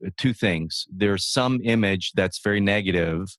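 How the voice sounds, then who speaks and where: A man hosting an interview podcast, asking halting questions with restarts. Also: sits low, fairly bright tone. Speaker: podcast host.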